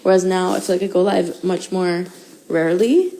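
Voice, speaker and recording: A woman's voice: fairly low pitch, moderate pace, mellow, slight background noise, rough recording. A young woman in her twenties talking candidly and emotionally to fans in a casual livestream, with many fillers. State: out of breath.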